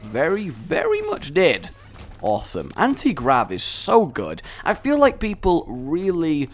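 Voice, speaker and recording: A young man giving casual, jokey, self-deprecating commentary while playing a video game. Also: medium pitch. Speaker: gameplay commentator. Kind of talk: casual let's-play commentary.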